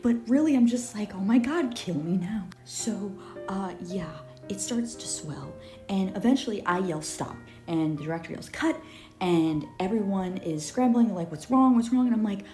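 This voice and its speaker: A young woman tells a story in a lively, swooping voice. She swears freely and sometimes drops to a whisper. Faint music plays underneath. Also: mid-range voice, moderate pace. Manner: dramatic, profane, often drops to a whisper. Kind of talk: animated storytelling on a podcast clip.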